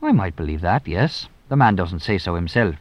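A man's voice: deep voice, big pitch swings, normal speed, dry recording. A man voicing a shrewd, teasing police inspector who probes with dry, mock-innocent questions. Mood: sly.

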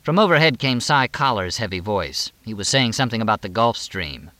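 A man reading an audiobook, narrating in a steady, even storytelling manner. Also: on the low side, fairly quick, dry recording. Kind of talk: scripted narration.

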